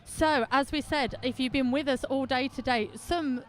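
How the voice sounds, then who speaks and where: High-voiced woman calling roller derby. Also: moderate pace. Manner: chatty, giggly, playful banter. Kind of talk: live sports commentary.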